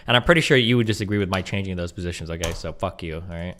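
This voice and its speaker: A man's voice: deep voice, racing, fairly bright tone, a little hiss or hum. A man in his thirties, a streamer debating in a casual, blunt, profane way and reading out bill text.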